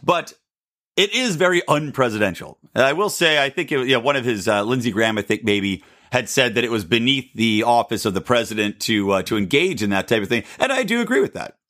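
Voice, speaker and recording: A man hosting his own podcast, talking through his opinions in a sarcastic, animated solo monologue and laughing at his own jokes. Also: mid-range voice, fairly quick. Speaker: podcast host.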